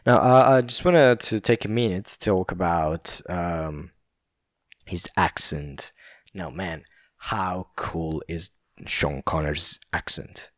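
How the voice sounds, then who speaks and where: A man's voice: low-pitched, slow pace, long pauses, dry recording, clean studio sound. A young Italian man with an Italian accent hosting a casual solo podcast, rambling, chuckling and swearing loosely. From Italy. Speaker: podcast host.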